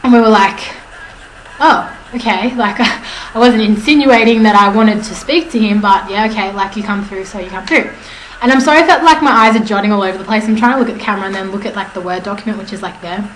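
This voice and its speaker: A woman's voice: medium pitch, quick pace. A young woman vlogging at home, telling a story to camera in a chatty, rambling way with lots of fillers and self-corrections. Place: at home indoors. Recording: echoey room with faint background noise.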